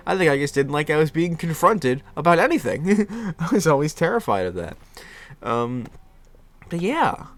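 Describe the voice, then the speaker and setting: A young man in his twenties tells a personal story in a casual, self-mocking way. His voice moves a lot, with big swings of pitch as he laughs at himself. He keeps stopping and restarting mid-sentence. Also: a bit bright. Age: 20s. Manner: self-deprecating, laughs often, many restarts. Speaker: podcast host.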